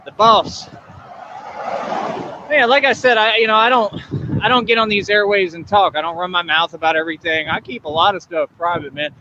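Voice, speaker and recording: A man livestreaming outdoors, talking in a boastful, rambling way to his chat. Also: high voice. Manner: swaggering, rambling. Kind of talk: boastful live-stream chat. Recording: lo-fi stream audio with street noise.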